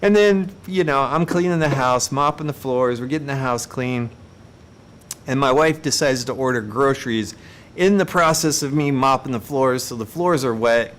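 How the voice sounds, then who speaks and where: Animated man telling funny stories live. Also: mid-range voice, normal speed, a little hiss or hum. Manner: animated, self-mocking, laughs between lines. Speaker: live-stream host. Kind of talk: casual storytelling on a live stream.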